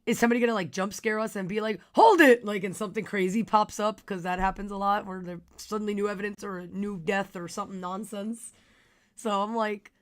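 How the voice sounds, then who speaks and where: A young woman streaming a game, chatting casually with her viewers, her voice worn and a little raspy. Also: mid-range voice. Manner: chatty, giggly, talks to chat. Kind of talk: casual live-stream chat.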